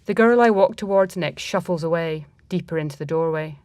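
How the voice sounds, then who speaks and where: Low-voiced woman reading a story. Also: darkish tone, dry recording. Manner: reflective, measured. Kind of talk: first-person story reading.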